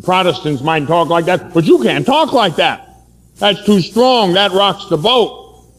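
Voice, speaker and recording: A priest putting on the voice of a cautious, fretful elderly monsignor, higher than his own voice and speaking anxiously. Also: lively intonation, unhurried, fairly bright tone, long reverb tail, full character voice. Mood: fretful warning.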